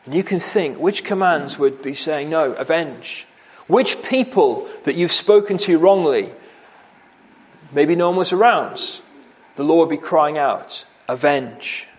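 A man's voice: fairly high pitch, lively intonation, unhurried. A man preaching a sermon, grave and emphatic, repeating key words for weight.

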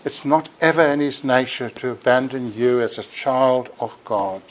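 A man's voice: mid-range voice, normal speed, a little hiss or hum, poor audio. A man preaching a sermon in a church, earnest and emphatic, sometimes repeating words as he builds a point.

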